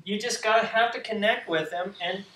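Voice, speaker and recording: A man hosting a ministry show, telling a story in an animated, excitable way and acting out the scenes. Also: high voice, moderate pace, a loud crowd. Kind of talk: storytelling teaching talk. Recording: echoey room, distant mic.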